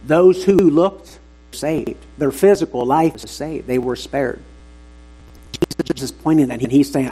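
A man's voice: a little high, measured pace, warm tone, slightly rough, low-quality recording. A man preaching an earnest, emphatic sermon to his congregation at a church service.

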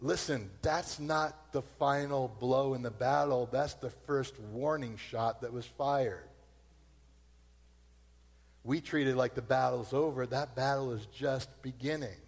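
Guy preaching a sermon, animated and emphatic, middle pitch, lots of hall echo. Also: unhurried, breathy edge. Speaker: pastor. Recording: long hall reverb.

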